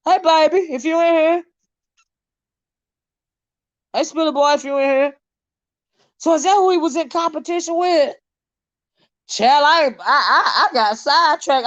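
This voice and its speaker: A woman's voice: high-pitched, no room sound, highs cut off. A woman hosting a casual live stream, laughing often, teasing her chat and getting sidetracked as she reads comments. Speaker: livestream host.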